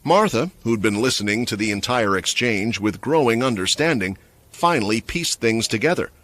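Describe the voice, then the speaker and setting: A man's voice: medium pitch, lively intonation, moderate pace, a bit bright. A man giving scripted story narration for a fantasy comic recap.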